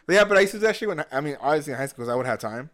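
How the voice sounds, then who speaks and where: A man's voice: fairly high pitch, animated, rapid-fire, fairly bright tone. A young man co-hosting a casual podcast chat, laid-back and telling stories with plenty of swearing.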